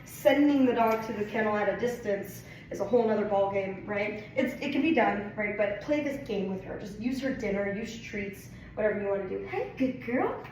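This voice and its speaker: A woman's voice: medium pitch, brisk, hardly any pauses, a little mellow. A woman dog trainer giving a casual training demonstration, explaining plainly and often checking in with "right?" and "okay?". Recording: very echoey room, mic far off, faint noise.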